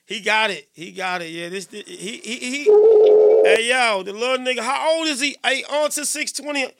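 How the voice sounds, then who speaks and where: A man hosting a live radio show in casual chat, playful and teasing, giving hyped shout-outs. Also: very high voice, normal speed, vocal fry, very noisy.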